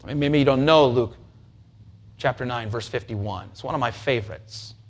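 A man preaching a sermon, shifting between hushed, slow passages and rising, fervent stretches. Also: mid-range voice.

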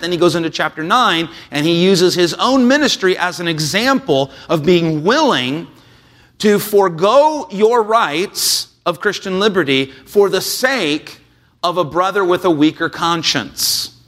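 Conversational preacher, slightly high voice. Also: male voice, expressive, normal speed, fairly bright tone. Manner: reads scripture, then explains it conversationally with frequent "uh"s. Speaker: pastor. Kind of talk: sermon.

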